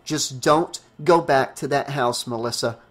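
A man's voice: mid-range voice, unhurried, fairly bright tone. A man voicing a grim, shaken young man in a horror audiobook. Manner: grim, urgent.

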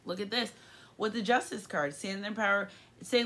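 A woman's voice: a little high, normal speed, a bit bright, a little hiss or hum. A woman giving a casual tarot reading, rambling, profane and upbeat. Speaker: tarot reader.

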